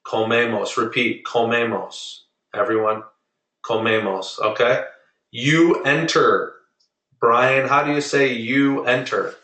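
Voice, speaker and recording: A man teaching Spanish to a small group over a video call, patiently drilling and repeating words slowly. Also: mid-range voice, pushed and bright, reverberant, distant mic, low-quality recording. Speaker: Spanish tutor. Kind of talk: online group lesson.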